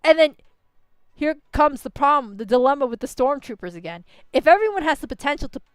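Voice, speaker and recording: A woman streaming a game and ranting about its plot, animated and swearing freely. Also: high voice, a little fast, no echo. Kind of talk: casual reaction commentary.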